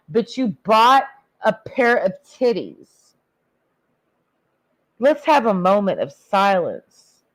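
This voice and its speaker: A woman livestreaming a blunt, crude, rambling rant while tipsy from drinking. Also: medium pitch. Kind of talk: profane ranting livestream monologue.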